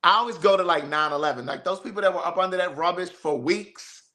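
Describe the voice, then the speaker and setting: A man hosting a podcast, chatting casually with blunt, animated talk and free swearing. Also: high-pitched, fast. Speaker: podcast host. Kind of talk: casual chat.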